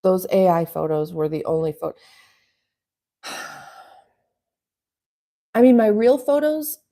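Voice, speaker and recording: A woman's voice: fairly low pitch, very animated, takes it slowly, mellow. A middle-aged woman from the US West Coast hosting a casual live stream, rambling chattily and reading out viewer comments. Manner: rambling, chatty, laughs often. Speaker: livestream host reading chat.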